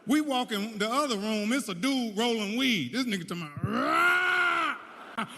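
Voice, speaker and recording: Excitable guy doing stand-up, high bright voice, echoey hall. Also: brisk. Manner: high, sharp and excitable, acts out characters. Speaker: stand-up comedian. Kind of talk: stand-up storytelling. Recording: echoey hall with faint noise.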